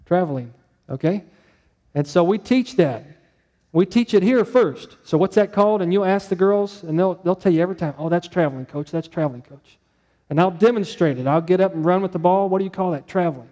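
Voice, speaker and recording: High, mellow-voiced male preacher in a reverberant hall. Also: a little fast. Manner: conversational preaching, storytelling with quoted voices. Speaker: pastor. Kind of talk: sermon.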